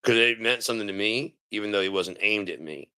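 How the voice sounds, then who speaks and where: A man on a livestream giving a sarcastic commentary rant, mimicking people and breaking into bursts of shouting. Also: on the low side, brisk, clear, resonant tone, dry recording, studio quality. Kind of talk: live-stream commentary rant.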